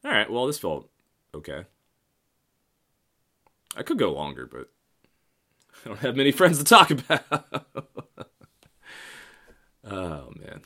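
A man's voice: mid-range voice, wildly swooping pitch, takes it slowly, pauses often, bright, forceful tone. A man in his thirties rambling through a casual, profane, self-mocking monologue. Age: 30s.

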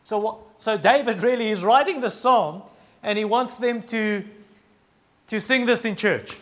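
A man preaching a sermon, earnest and emphatic, slowing down to stress key phrases. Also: high-pitched. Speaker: pastor.

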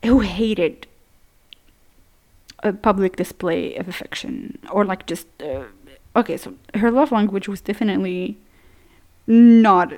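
A woman's voice: mid-range voice, measured pace, pauses often, dark tone. A young woman, telling a personal story in a rambling, profane way while she plays a game. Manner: rambling, profane, full of fillers. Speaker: gaming streamer. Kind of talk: casual storytelling over gameplay.

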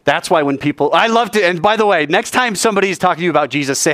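Youth preacher, animated and playful, lively pitch. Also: male voice, racing, dry recording. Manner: animated, playful, acts out scenes. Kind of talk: casual sermon.

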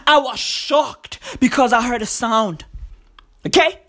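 A woman hosting a podcast in a profane comedic rant. She repeats her phrases and breaks into exasperated shouts. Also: a little high, takes it slowly. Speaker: podcast host.

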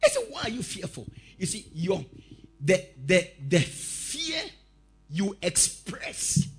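A male preacher giving a lively sermon, telling stories, shouting out quotes and laughing as he goes. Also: high-pitched, slow pace, husky.

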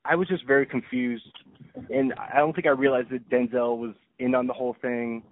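A man's voice: mid-range voice, little pitch movement, a little fast. A man co-hosting a casual movie podcast, easygoing and hesitant, often laughing and restarting his sentences. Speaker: podcast co-host. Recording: thin phone-like sound, dry.

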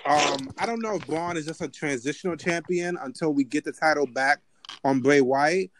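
A man co-hosting a casual podcast, arguing with animated disbelief and cursing. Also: fairly high pitch, moderate pace. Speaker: podcast co-host. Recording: noisy call line.

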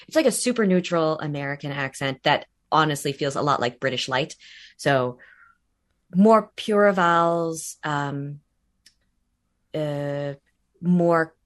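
A woman with a low-pitched voice talks about her work as an interview guest. She rambles, restarts her sentences and scatters fillers as she talks. She laughs easily along the way. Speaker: voice actor guest. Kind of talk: casual interview chat.

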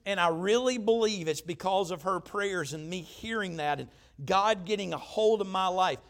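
A man, a pastor preaching a storytelling sermon in an emphatic, conversational way, swinging between loud and quiet. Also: sits high, moderate pace.

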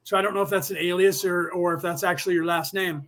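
A man with a rather high voice hosts a live podcast and talks straight at his listeners. He rambles in a conspiratorial way, starting over often and filling the gaps with "uh" as he works through his points. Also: steady tone, quick pace, fairly bright tone. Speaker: podcast host. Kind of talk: casual live-stream monologue.

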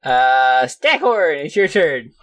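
A man running a tabletop game as game master, narrating the action and calling rolls. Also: a little high. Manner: slow, animated narration with frequent laughs.

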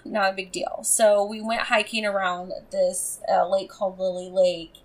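A woman's voice: mid-range voice, level tone, moderate pace. Rambling, resonant-voiced woman co-host. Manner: rambling, self-deprecating storytelling with many restarts. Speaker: podcast co-host. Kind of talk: casual chat.

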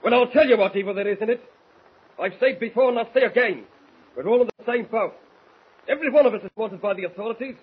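A bullying mutineer, Limey. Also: male voice, high-pitched, fast, slightly rough. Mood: scornful. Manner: bullying, threatening, coarse grammar. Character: menacing English mutineer ringleader, gruff man. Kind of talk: 1940s radio acting. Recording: muffled hissy 1940s radio broadcast.

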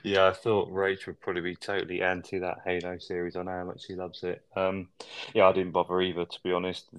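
Male podcast co-host, very low voice, relaxed and rambly. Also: fairly quick, clear, resonant tone. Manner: laid-back, rambling anecdotes. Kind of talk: casual film podcast chat.

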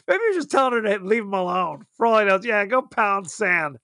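A man talking through a film with a co-host, playful and laughing through his sentences. His voice is high and bright, and it is recorded dry and close with no room sound. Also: animated, fairly quick, few pauses, no echo. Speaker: podcast co-host. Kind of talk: casual film chat.

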